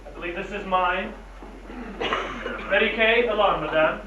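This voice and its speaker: Guy playing a sardonic smooth-talking traveler, kinda high voice, echoey distant old movie sound. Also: normal speed, phone-quality sound, background noise, close to an everyday voice. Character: sardonic worldly male traveler. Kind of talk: 1940s film acting.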